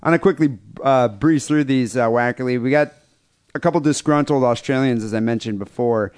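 A man's voice: mid-range voice, fairly quick, a little mellow, smooth, no echo. An American man co-hosting a crude comedy podcast, reading listener emails aloud with sarcastic asides. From United States. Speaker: podcast co-host.

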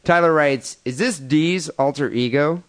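A man's voice: fairly high pitch, a little slow. A man co-hosting a crude comedy podcast in casual chat, rambling with lots of fillers and laughing at his own jokes. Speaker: podcast co-host.

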